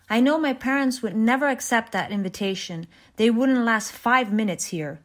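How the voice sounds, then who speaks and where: Woman reading a story aloud, fairly high. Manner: measured, even reading with small restarts. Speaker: reader.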